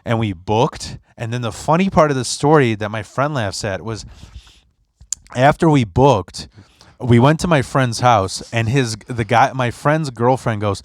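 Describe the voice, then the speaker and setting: A man in his late thirties hosting a podcast, telling stories in a casual, profane, animated way and leaping into loud voices for the people he quotes. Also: medium pitch, unhurried, no room sound, clean studio sound. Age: 30s. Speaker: podcast host. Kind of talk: casual storytelling chat.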